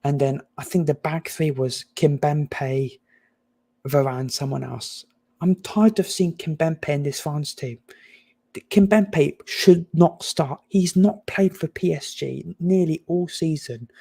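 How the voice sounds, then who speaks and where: A young man talks football in a relaxed group chat, pushing strong opinions with plenty of restarts. His voice sits a touch high and sounds soft and mellow rather than bright. He comes across as animated and sure of himself. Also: slow, gravelly, slightly rough. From England. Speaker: panelist.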